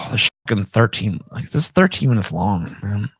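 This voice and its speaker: A man's voice: lowish voice, sharp tone, slightly rough, no echo, clean studio sound. A man in mocking podcast banter, sarcastic, dismissive and profane.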